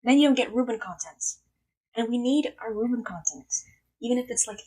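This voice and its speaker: A woman's voice: a little high, a little fast, low-quality recording. Blunt, cursing young woman streamer. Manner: blunt, swears freely, drifts between loud and hushed. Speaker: live streamer. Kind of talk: casual chat with stream chat.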